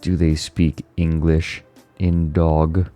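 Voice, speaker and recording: A man's voice: very deep voice, level tone, slow pace, dark tone, faint music behind. A male streamer chatting casually and sounding tired, rambling and stumbling over his words. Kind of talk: casual chat.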